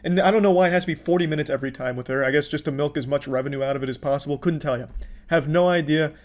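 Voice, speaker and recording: A man's voice: fairly high pitch, very fast, darkish tone. A man in his thirties hosting a commentary video, ranting in an exasperated, profane way. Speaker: commentary host. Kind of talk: reaction commentary.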